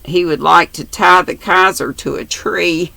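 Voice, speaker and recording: A grandmother voicing an earnest, shy and blunt little boy who talks gravely in a storybook reading. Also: lowish voice, measured pace, bright, forceful tone, no room sound, heavily acted.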